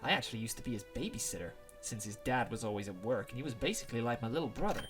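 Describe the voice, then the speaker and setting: A playful young woman professor with a lively, bouncing voice, as a man puts her on. She is confident and teasing, her tone bright and forward. Faint game music plays behind. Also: medium pitch, very fast, lightly acted. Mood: friendly.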